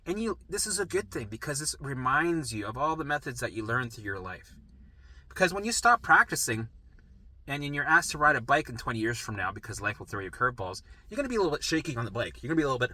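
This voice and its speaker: Animated, swearing man coaching recovery. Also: mid-range voice, quick pace. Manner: swearing, animated, acts out quotes. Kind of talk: casual teaching monologue.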